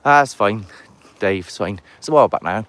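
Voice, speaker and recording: Low, lively man vlogging outdoors. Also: normal speed. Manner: chatty, rambling, jokey asides. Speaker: paranormal investigator, live streamer. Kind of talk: live walking vlog. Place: outdoors in woodland.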